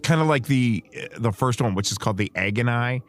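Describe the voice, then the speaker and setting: Speaking briskly in an expressive mid-range voice, a man chats about movies as a podcast co-host. His talk is casual, rambling, and hesitant, with frequent self-corrections.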